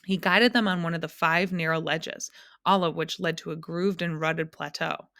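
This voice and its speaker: Brief: teacher reading a novel aloud, expressive narration, lowish voice, dry recording. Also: female voice, moderate pace, no echo. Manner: expressive storytelling.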